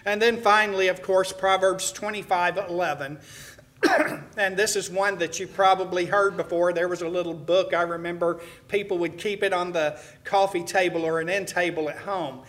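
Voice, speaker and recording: A man's voice: sits high, fairly even intonation, normal speed, a bit bright. A middle-aged man preaching to his congregation, telling a story in a folksy way with many "uh"s and restarts. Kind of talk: sermon to a congregation.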